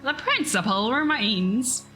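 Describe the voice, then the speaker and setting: A woman's voice: on the high side, animated, dark tone, faint music behind, pitched above the performer's own voice. A woman putting on a drawling, unflappable space explorer. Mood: calm. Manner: put-on country drawl, slow and measured. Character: calm, unimpressed male space explorer.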